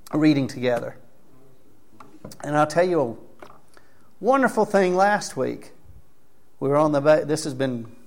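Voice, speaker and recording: In a church sanctuary, a man with medium pitch and vocal fry delivers a sermon as pastor in a conversational way. He calls out members of the congregation by name before ending with a prayer.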